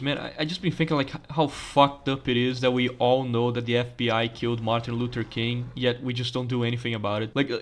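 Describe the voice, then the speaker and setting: A young man giving casual gameplay commentary, rambling with crude jokes and frequent stammered restarts. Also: medium pitch. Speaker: gaming channel host.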